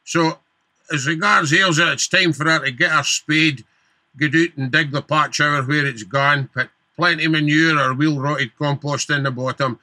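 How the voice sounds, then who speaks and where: A Scottish man gives practical gardening advice in a very bright, sharp voice, a little higher than most men. He sounds down-to-earth, and the sound is dry and close to the mic. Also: fairly even intonation, moderate pace, dry recording. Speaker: gardening expert. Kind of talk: radio advice chat.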